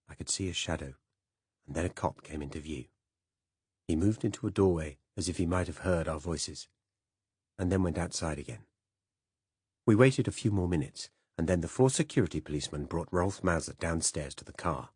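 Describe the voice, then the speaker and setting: A man narrating a first-person spy novel as an audiobook in a measured, even way. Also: low voice, breathy edge, dry recording, clean studio sound.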